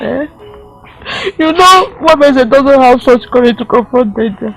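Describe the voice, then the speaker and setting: A woman's voice: high-pitched, animated, measured pace, low-quality recording. A woman with a Nigerian accent playing a grieving mother who speaks tearfully. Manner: tearful, pleading. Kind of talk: film acting.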